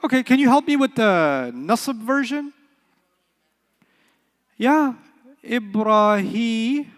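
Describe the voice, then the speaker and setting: A man teaching an Arabic class in a lively, playful way, joking and quizzing his students. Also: very high voice, takes it slowly. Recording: long hall reverb.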